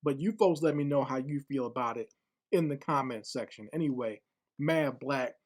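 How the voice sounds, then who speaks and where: A man's voice: medium pitch, moderate pace. A man giving casual spoken commentary online, blunt and scornful, often repeating words as he gathers his thoughts.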